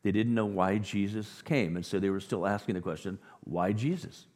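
A male pastor delivering a sermon, with dynamic delivery that swings from near whispers to loud, emphatic peaks. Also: deep voice, steady tone, brisk. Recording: long reverb of a large hall.

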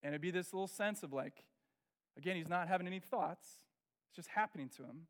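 A middle-aged pastor, speaking a little fast in a high-pitched voice, tells a personal story during his sermon. He's animated and acts out the voices of the people he quotes.

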